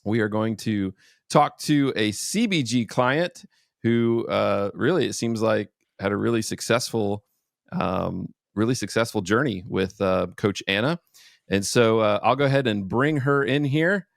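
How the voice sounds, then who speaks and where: A man's voice: fairly low pitch, unhurried, gravelly, dry recording, studio quality. A man hosting a podcast in casual chat, joking and loose with many fillers. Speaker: podcast host.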